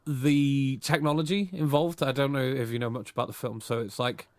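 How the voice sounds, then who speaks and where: A man's voice: medium pitch, fairly even intonation, normal speed, no echo, studio quality. A man co-hosting a casual podcast chat, rambling and correcting himself as he goes. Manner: rambling, easygoing, self-correcting. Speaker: podcast co-host.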